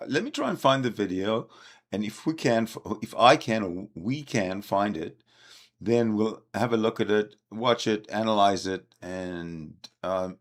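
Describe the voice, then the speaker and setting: Deep, gravelly male host; halting delivery, trips over his own words. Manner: halting, hesitant, many restarts. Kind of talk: live stream commentary.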